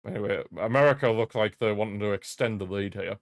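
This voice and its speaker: A young adult man with a lowish voice talks fast while hosting a football watch-along stream, blending live match commentary with rambling, chatty banter. He laughs easily, goes off on jokey rants, and repeats his own lines when amused. The sound is close and dry with no room echo, as from a streaming desk mic.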